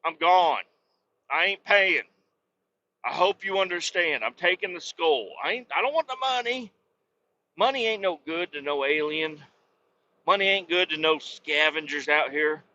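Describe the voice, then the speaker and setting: A man's voice: a little high, measured pace, sharp tone, dull audio. A man hosting a podcast from his truck cab, rambling and joking with lots of swearing in a casual monologue. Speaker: podcast host. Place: truck cab while driving.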